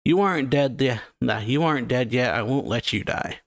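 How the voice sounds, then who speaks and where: A desperate young woman commander, urgent and pleading, read out by a man. The lines are spoken plainly at a mid pitch and sound close and dry, with no room around them. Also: lively intonation, moderate pace, no room sound.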